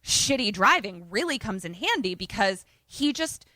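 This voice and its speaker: A woman co-host recapping a film in loose, casual podcast chat. Her tone is bright and forceful, and the sound is close and dry. She talks animatedly, swears freely and slips into the characters' lines. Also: medium pitch, normal speed, dry recording. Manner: animated, profane, acts out voices.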